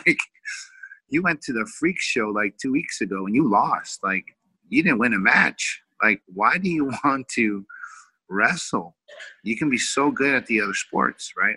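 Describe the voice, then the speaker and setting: Coach guy from norcal, low and super bright voice, rambly emotional storytelling, dry sound. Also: normal speed, breathy edge, dry recording, rough recording. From Northern California. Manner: emotional, rambling with many fillers and restarts. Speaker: wrestling coach, guest. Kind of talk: candid storytelling interview.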